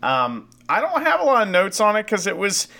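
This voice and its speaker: A man's voice: sits high, wildly swooping pitch, a little fast, gravelly, sharp tone. A man co-hosting a podcast, rambling through casual wrestling chat and swearing freely. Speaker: podcast co-host.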